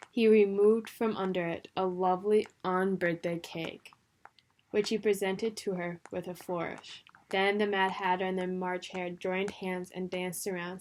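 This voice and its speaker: A woman reading a children's storybook aloud in a lively, expressive way. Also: on the low side, slight background noise. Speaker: reader.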